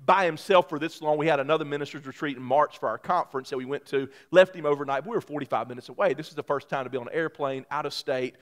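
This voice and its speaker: A man, a pastor preaching a sermon who tells a personal story in an animated way, his voice climbing high and loud when he gets excited. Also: fast, few pauses.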